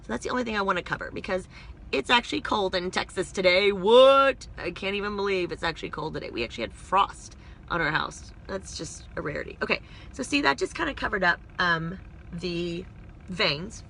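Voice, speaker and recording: A woman's voice: on the low side, expressive, fairly quick, gravelly, sharp tone, slight background noise. A woman casually rambling through a makeup tutorial from inside a parked car, talking to her phone camera with self-deprecating asides. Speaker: vlogger doing a makeup tutorial.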